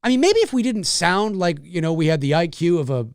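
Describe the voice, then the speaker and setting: Canadian male live-show host, rambling, animated, slightly high voice, dry sound. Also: brisk, smooth, no room sound. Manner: rambling, animated, swears freely. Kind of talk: casual live-stream chat.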